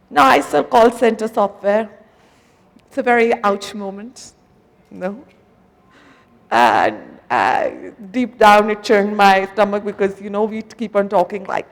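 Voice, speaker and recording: Woman, Indian English accent, conference keynote, chatty, quizzes the audience, mid pitch, long hall reverb. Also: animated, a little slow. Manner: conversational, asks the audience questions, tags "no?" and "right?". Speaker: conference speaker, company executive.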